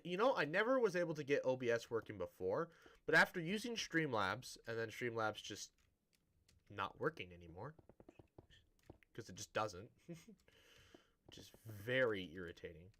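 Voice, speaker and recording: A man's voice: medium pitch, big pitch swings, unhurried, long pauses, pushed and bright. A man streaming a building game, chatting casually to viewers in a rambling, self-interrupting way with a dry, sarcastic-sounding tone.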